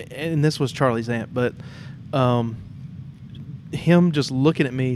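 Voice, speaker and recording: A man's voice: mid-range voice, a little hiss or hum. Easygoing man hosting a theatre chat. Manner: relaxed, rambling, many fillers and restarts. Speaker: podcast host. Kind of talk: casual interview chat.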